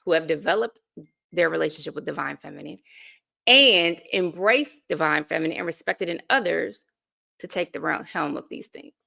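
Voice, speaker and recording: A woman's voice: sits low, lively intonation, normal speed, vocal fry, bright, forceful tone. A woman in her forties from the United States, a life coach talking as a guest in a casual interview, earnest and full of stories. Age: 40s. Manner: earnest, storytelling, laughs between thoughts.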